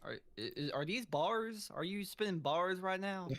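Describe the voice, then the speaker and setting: Slightly high-voiced man, crude joking banter. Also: moderate pace, fairly bright tone, no echo. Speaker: podcast co-host. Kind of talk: casual chat.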